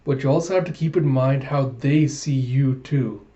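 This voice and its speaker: A man voicing a cocky, laid-back male volleyball pro in a lower, knowing tone. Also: normal speed, warm tone, highs cut off, natural voice. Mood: smug, relaxed.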